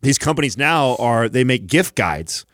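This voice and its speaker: A man's voice: mid-range voice, very animated, normal speed, a bit bright, no room sound, clean studio sound. A man hosting a podcast in casual chat. He rambles, restarting his sentences as he goes. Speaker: podcast host.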